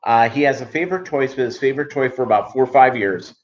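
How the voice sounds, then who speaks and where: A man's voice: medium pitch, fast, dull audio, a little hiss or hum. A man from Minnesota hosting a casual livestream chat, rambling with many filler ums and uhs. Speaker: livestream host.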